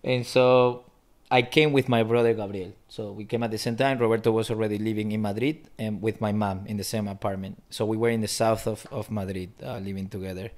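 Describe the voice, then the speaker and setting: This guest philosopher, a Peruvian man in his thirties, reflects aloud in a casual interview, speaking native Spanish with a mixed Peruvian and Spanish accent. The voice is on the low side and a little fast, with fairly even intonation. Restarts and fillers come up often.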